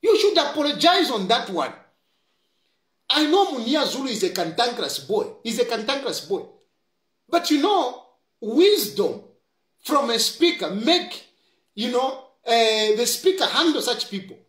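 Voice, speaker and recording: Zambian man, heated commentary, scolds and hammers points home, sweeping pitch, roomy echo. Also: very animated, a little slow, a bit bright. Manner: scolding, mixes English with Bemba, repeats points for emphasis. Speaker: political commentator. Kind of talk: impassioned political commentary.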